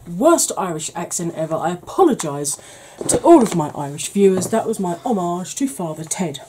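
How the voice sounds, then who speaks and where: A woman hosting a beauty channel, chatting casually and rambling softly while she declutters her makeup, with self-deprecating asides. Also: fairly low pitch, big pitch swings, normal speed, hardly any pauses, slight background noise, poor audio. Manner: soft, quiet delivery.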